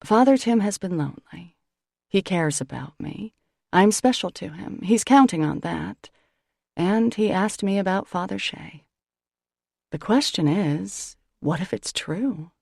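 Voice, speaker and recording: Gravelly-voiced woman reading a novel. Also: mid-range voice, lively intonation, measured pace, warm tone, dry recording, clean studio sound. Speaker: audiobook narrator. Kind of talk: first-person novel narration.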